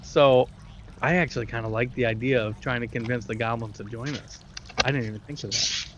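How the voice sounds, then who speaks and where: Halting male tabletop player. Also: mid-range voice, lo-fi sound, background noise. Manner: halting, with fillers and laughs. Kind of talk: casual tabletop play.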